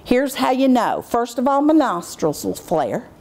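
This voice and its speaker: Presenting at a teacher training session, a middle-aged woman speaks with plenty of energy. She role-plays how she addresses children, shifting into a quieter, deliberate voice.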